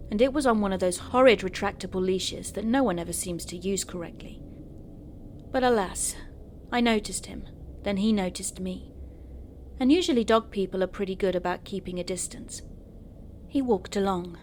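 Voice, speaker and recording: Give me a woman telling true horror stories in a steady, mid-pitched voice. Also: slight background noise. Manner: steady first-person storytelling. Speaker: horror story narrator.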